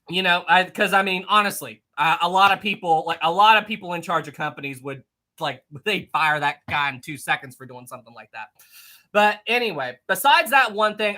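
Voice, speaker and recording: Bright-voiced young livestream host. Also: mid-range voice. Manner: rambling, chatty, reading chat messages aloud. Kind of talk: casual livestream chat about history.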